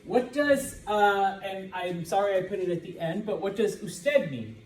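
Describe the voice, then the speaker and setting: A man with an American accent lectures a classroom at an unhurried pace, joking with his students and checking in with them all the time. His voice comes from some distance away and bounces around a roomy hall, with faint room noise underneath. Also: sits high, expressive. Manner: informal, joking, checks understanding with constant "okay?". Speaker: Spanish teacher.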